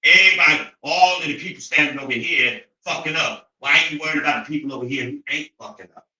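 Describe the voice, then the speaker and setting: A man hosting an opinionated monologue, preachy and profane, often climbing into loud, incredulous outbursts. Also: fairly high pitch, quick pace, lo-fi sound. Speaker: show host. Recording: roomy echo.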